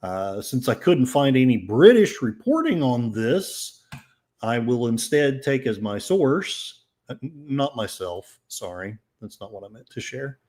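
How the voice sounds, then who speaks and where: A man's voice: medium pitch, big pitch swings, measured pace, a little mellow. Sarcastic older man rambling over headlines. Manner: sarcastic, rambling, with frequent fillers. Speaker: podcast host. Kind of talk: casual commentary reading headlines.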